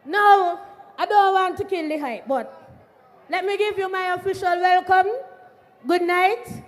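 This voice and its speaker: A young woman speaking at a political rally. She stirs up the audience with call-and-response, then gives a deliberate, formal address. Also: very high-pitched, in a large hall. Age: young adult.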